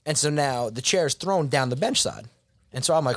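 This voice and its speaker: A man who coaches basketball and teaches, telling a story in a casual podcast chat, animated and slangy, with some mild swearing. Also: medium pitch, fast talker, dry recording.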